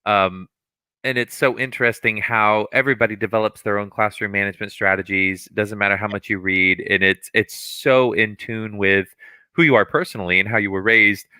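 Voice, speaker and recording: A man hosting a casual conversation, an animated storyteller who acts out quotes and laughs often. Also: on the low side, brisk, smooth, no echo. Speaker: podcast host, music teacher.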